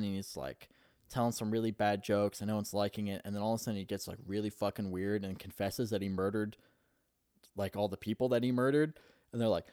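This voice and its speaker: A man's voice: lowish voice, steady tone, brisk, darkish tone, no room sound, clean studio sound. A young man in casual chat, rambling on as he retells a story and swearing constantly.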